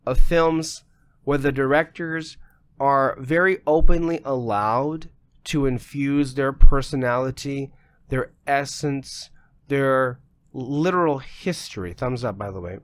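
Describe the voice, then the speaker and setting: A man's voice: mid-range voice, slow, smooth. A man co-hosting a casual podcast discussion, ranting emphatically and with plenty of profanity, his voice getting a little worn. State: losing his voice. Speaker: podcast co-host.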